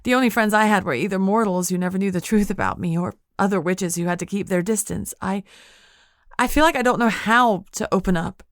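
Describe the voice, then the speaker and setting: A woman's voice: mid-range voice, brisk, no echo, clean studio sound, natural voice. A woman voicing a distraught young witch heroine, tearful and pleading, her voice breaking.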